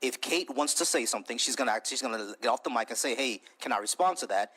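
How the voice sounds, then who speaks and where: A man hosting a live online debate, cutting in, repeating words in quick bursts and swearing freely. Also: medium pitch, lively intonation, bright, forceful tone, husky. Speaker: debate stream host.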